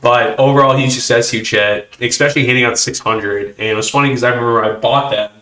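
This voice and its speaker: A man hosting a casual chat, telling stories with animated voices for the people in them. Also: medium pitch, quick pace, reverberant. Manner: animated storytelling, acting out kids' reactions. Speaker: host.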